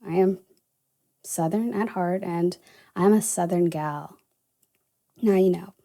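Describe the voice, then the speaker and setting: A woman's voice: on the low side, slow pace, warm tone. A young woman from the American South, without a Southern accent, hosting a casual solo podcast and rambling with lots of "you know" and "uh". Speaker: podcast host.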